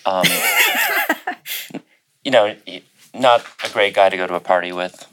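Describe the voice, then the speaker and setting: A man's voice: low-pitched, fairly quick, a little hiss or hum. A middle-aged man telling a personal story as a guest on a panel, hesitant, with many fillers and restarts.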